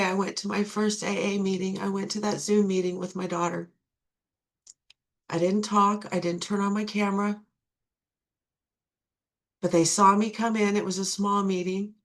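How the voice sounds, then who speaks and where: A middle-aged woman sharing her recovery testimony, earnest and repeating key phrases for emphasis. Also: mid-range voice.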